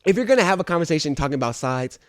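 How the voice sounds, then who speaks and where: Fast, lively man on a dry mic. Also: on the high side, no room sound. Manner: rambling, mimics others in quoted bits. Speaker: podcast co-host. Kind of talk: casual chat.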